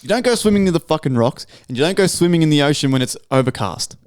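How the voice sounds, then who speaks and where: Talking fast in a slightly high voice, a young Australian podcast co-host spins an animated story loaded with slang and profanity during a casual chat. The tone is clean, with no room sound, and the studio audio is clean.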